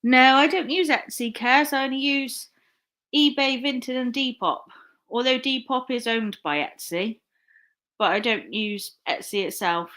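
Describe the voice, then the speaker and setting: A young woman chats on a live stream in a rambling, casual way, laughing often and swearing freely. Her voice is quite high and very bright. She drifts from one memory to the next with easy humour. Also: measured pace. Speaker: online reseller live-streaming.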